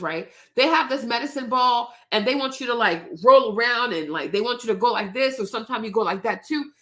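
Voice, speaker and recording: A woman's voice: fairly high pitch, a bit bright. A woman hosting her own show, talking straight to her viewers in outspoken, indignant casual commentary. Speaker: host.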